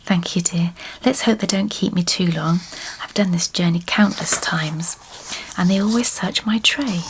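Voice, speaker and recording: A woman's voice: fairly low pitch, moderate pace, a little hiss or hum, close to an everyday voice. A woman voicing a playful, mischievous older woman traveller in a teasing whispered role-play.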